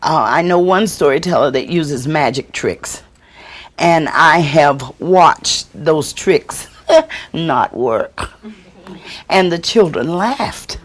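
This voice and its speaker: A woman storyteller teaching a workshop and answering audience questions, expressive and deliberate, acting out the voices she quotes. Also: deep voice, gravelly, slightly rough. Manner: slow, deliberate delivery with chuckles.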